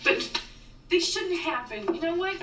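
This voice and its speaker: A woman's voice: very high voice, lively intonation, unhurried, heavily acted. A woman playing a quirky, blunt young woman who works as an agent in a sitcom clip, talking in a hesitant, apologetic way. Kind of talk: sitcom acting. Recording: roomy distant sitcom soundtrack with loud background noise.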